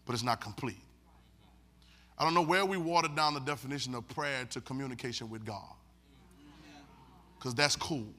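A man preaching a sermon with folksy, laughing asides, leading call-and-response and swinging from quiet talk to shouts. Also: mid-range voice, moderate pace, pauses often. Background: congregation responding.

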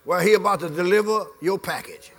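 High-voiced, gravelly shouting preacher man. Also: brisk, a little hiss or hum. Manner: exuberant, shouting, laughing between lines, leads crowd chants. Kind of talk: lively sermon with call-and-response. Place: live church service before a congregation, also streamed.

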